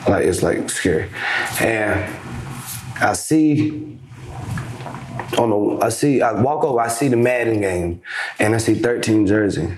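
A young man telling a story casually as a podcast guest, lively, acting out the back-and-forth he describes. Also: on the low side, measured pace, pauses often, reverberant, a little hiss or hum. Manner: animated storyteller acting out quoted exchanges. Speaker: podcast guest, basketball influencer.

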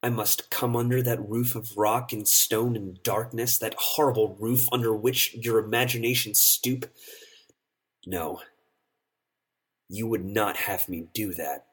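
A man's voice: lowish voice, fairly even intonation, unhurried, husky. A man voicing an earnest, lovesick young man. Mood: tender pleading. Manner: tender, impassioned.

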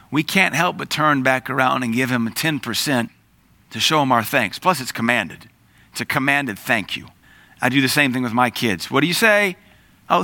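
A middle-aged man teaching the Bible in an animated sermon, acting out voices in the story. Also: mid-range voice, no room sound.

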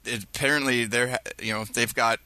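A man's voice: medium pitch, fairly even intonation, brisk, sharp tone, clear, resonant tone, no echo. A man co-hosting a TV podcast in casual chat, rambling with lots of fillers. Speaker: podcast co-host.

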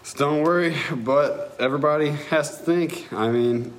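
A man's voice: on the high side, moderate pace, a little hiss or hum. A man co-hosting a podcast, mostly giving short, agreeable replies. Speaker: co-host.

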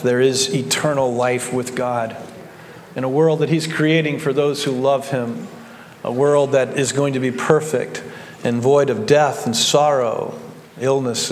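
Preacher with a long hall echo. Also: male voice, mid-range voice, fairly even intonation, slight background noise. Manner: folksy storytelling with slow, deliberate emphasis. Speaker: pastor. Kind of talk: sermon.

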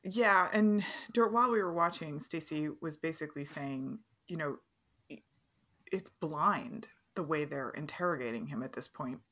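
Low-voiced woman chiming in agreeably. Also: normal speed, fairly bright tone. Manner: agreeable, chimes in with short replies. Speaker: podcast co-host. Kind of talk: casual chat.

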